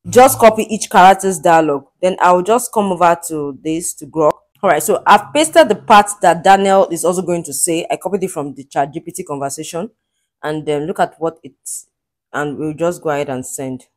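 A woman with a fairly low, darkish voice hosts a screen-recorded software tutorial. She walks viewers through it step by step with eager enthusiasm.

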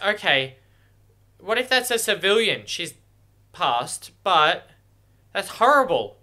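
A man's voice: fairly high pitch, expressive, slow pace, pauses often, sharp tone, faint music behind. A man thinking aloud as he watches a film for the first time, emotional and exclaiming. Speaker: movie reactor. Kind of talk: first-watch movie reaction commentary.

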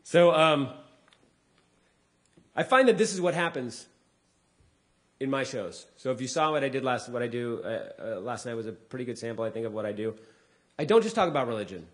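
A man, a comedian, speaking casually to a live audience, acting out people's lines with big pitch jumps and dropping low for asides. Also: expressive, brisk, pauses often. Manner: drops to a quieter, lower voice for asides. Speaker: comedian giving a talk.

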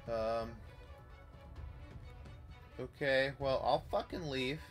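Jumpy, foul-mouthed young man gaming. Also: mid-range voice. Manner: swears often, jumps between hushed muttering and panicked yelps. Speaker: gaming YouTuber. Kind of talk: horror game playthrough commentary.

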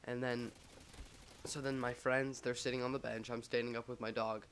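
A man's voice: medium pitch, flat delivery, normal speed, a bit bright, slight background noise. A young man telling a story casually over gameplay, rambling with lots of fillers and self-mocking jokes.

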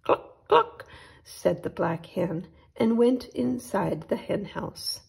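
A woman hosting a children's storytime, reading a picture book aloud in a gentle, unhurried way. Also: mid-range voice, gravelly, breathy edge. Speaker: storytime host.

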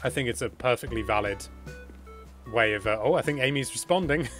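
A man hosting a casual game livestream, excitable and chatty, exclaiming as he goes. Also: mid-range voice, normal speed, faint music behind. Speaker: livestream host.

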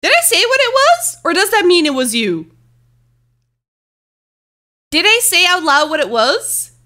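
A woman's voice: extremely high pitch, big pitch swings, measured pace, sharp tone. A woman streaming a game from home, chatting casually with her viewers, giggly, flustered and apologetic, slightly sick, talking close into a desk mic. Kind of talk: casual live-stream chat while gaming.

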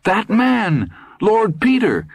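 A man voicing a middle-aged husband who shouts in panic and shock, his voice pushed high and strained. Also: wildly swooping pitch, slow, breathy edge, exaggerated voice. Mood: frantic. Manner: agitated, high-pitched, near-yelling.

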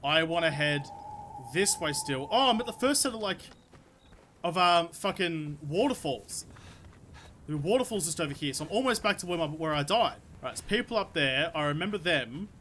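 Young male let's player: high, bright voice, excitable, foul-mouthed, yells at the game. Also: normal speed, slight background noise. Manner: excitable, swears constantly, talks to the game's creatures. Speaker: let's play host. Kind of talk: live gameplay commentary.

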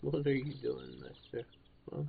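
Male let's-play commentator, unhurried and gravelly, over a hissy, tinny line. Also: medium pitch, level tone. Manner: laid-back, chatting to his dog between remarks. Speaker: gameplay commentator.

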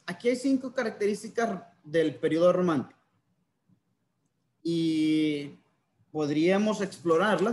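Guy teacher running an online class, high voice, fixes how students say words. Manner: corrects pronunciation, switches between languages. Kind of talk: bilingual class lecture.

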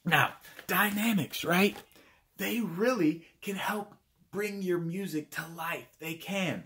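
A man's voice: sits high, slow, pushed and bright, a little hiss or hum. A man teaching a children's music lesson in a playful way, speaking straight to the kids and imitating animal sounds.

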